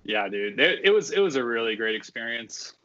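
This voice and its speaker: A man's voice: medium pitch, sing-song, brisk, fairly bright tone, muffled recording. A man on a podcast, casually recounting stories from his old custodial job, full of fillers and restarts. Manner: rambling, many fillers and restarts. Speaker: guest, former theme park custodian.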